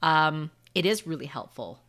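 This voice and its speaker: A woman's voice: low-pitched, very animated, moderate pace, a bit bright. A married woman co-hosting a podcast, chatting openly and personally with lots of "like". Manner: open, personal, chatty with frequent "like". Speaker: podcast co-host. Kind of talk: casual conversation.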